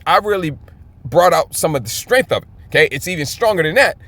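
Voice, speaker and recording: A man's voice: fairly high pitch, lively intonation, a little fast, a bit bright. Fired-up man teaching scripture. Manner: emphatic, keeps checking in with "okay?". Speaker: Bible teacher.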